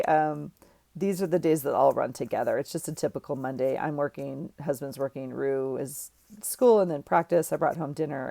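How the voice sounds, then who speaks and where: A woman in her forties talks casually with a low, gravelly voice. She rambles warmly through her story, full of fillers and emotion. The sound is dry and close. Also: no room sound. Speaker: journaling vlogger. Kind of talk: casual chat.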